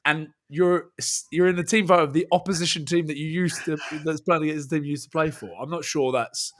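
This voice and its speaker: Animated man telling rugby stories. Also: on the high side, fairly quick. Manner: animated storytelling, laughs often. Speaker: podcast co-host and rugby commentator. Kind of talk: casual podcast chat.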